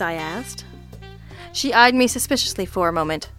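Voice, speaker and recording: A woman's voice: lowish voice, expressive, moderate pace, long pauses, a bit bright, faint music behind. A woman narrating a detective story in a dry, wry first-person manner. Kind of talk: audiobook reading of a detective story.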